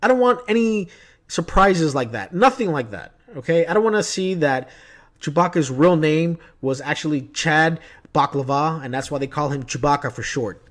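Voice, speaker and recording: This time the movie-news vlogger sounds expressive, his voice on the high side at a moderate pace. Chatty and full of opinions, he shares stories about his day.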